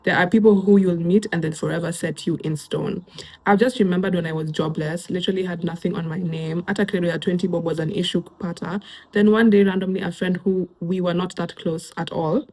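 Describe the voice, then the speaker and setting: A woman's voice: fairly low pitch, steady tone, brisk, dark tone. Chatty young Kenyan woman vlogger. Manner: chatty, laughs often, mixes in Swahili slang. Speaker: YouTuber. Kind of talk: casual commentary reading online posts.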